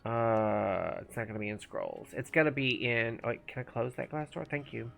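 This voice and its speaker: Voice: medium pitch, moderate pace, gravelly, a bit bright, faint music behind. A gaming streamer chatting casually while playing, thinking aloud and sometimes mumbling. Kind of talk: casual live-stream commentary.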